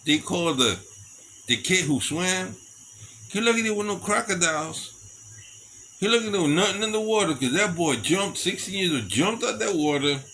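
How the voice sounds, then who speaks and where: A middle-aged man telling stories in a casual monologue, animated and chuckling often between them. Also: sits high, moderate pace, slight background noise, rough recording. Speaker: storyteller.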